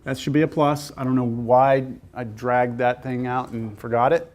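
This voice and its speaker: A man's voice: mid-range voice, level tone, moderate pace, a little mellow. A man teaching a calculus class, talking casually and joking as he works through problems aloud. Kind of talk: classroom lecture.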